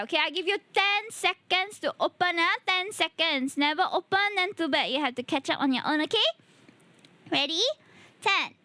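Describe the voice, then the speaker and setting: A woman's voice: high-pitched, pushed and bright, no room sound. A tired woman streamer, chatting playfully and addressing her chat. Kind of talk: casual live-stream chat.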